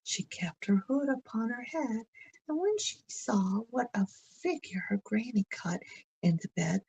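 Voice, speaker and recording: A woman storyteller reading a bedtime story aloud in a gentle, soothing way that often sinks close to a whisper. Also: on the high side, animated, measured pace, creaky, breathy edge, rough recording.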